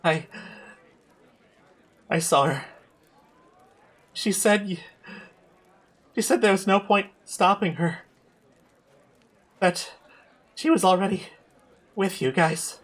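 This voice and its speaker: A man's voice: high-pitched, takes it slowly, pauses often, a bit bright, pitched above the performer's own voice, full character voice. A man voicing a frightened one-eyed man shaken by a nightmare, stammering and breathless as he talks.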